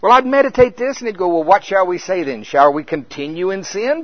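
An older man preaching a sermon, telling a story with animated acted-out scenes. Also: sits high, brisk, few pauses, no room sound. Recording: dull lo-fi recording.

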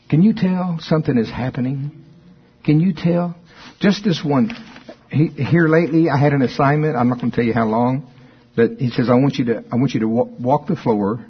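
A man's voice: mid-range voice, normal speed, muffled recording. A man preaching an informal sermon, leading spoken confessions in a conversational, repetitive way with frequent chuckles.

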